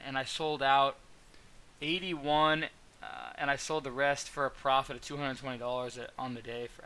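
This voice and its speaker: Bright-voiced young man recapping trades. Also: mid-range voice. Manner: rambling, many fillers and restarts. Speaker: stock trading mentor. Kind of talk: casual trade recap to viewers.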